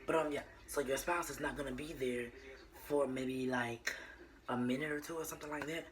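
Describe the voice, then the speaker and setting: Young woman vlogger, warm chatty storytime delivery with lots of ums and restarts. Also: a bass voice, steady tone, a little fast, crowd noise, poor audio. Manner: chatty and meandering, with many fillers and restarts; addresses viewers as y'all. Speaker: vlogger telling her birth story. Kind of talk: casual storytime.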